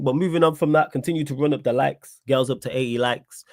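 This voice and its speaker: A man's voice: mid-range voice, fairly quick, gravelly, few pauses, no echo. Dry-sounding man bantering about football. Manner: teasing banter, slangy. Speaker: podcast co-host. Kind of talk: casual football chat.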